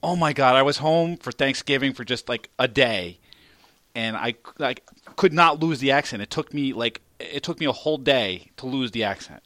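A man's voice: medium pitch, animated, normal speed, a bit bright, no room sound. A man hosting a casual podcast, laughing often and swearing freely as he chats. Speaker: podcast host.

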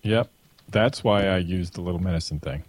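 A man in his thirties with a deep voice, teasing his co-hosts in a blunt, matter-of-fact way. The recording is dry and close, with no room sound. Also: normal speed, a little mellow, no room sound. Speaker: podcast co-host. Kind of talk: casual chat.

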